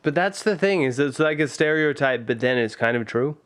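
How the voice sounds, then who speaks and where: A man's voice: mid-range voice, lively intonation, moderate pace, a bit bright, clean tone. An Australian man hosting a podcast, asking laid-back joking questions. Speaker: podcast host. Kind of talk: casual podcast chat.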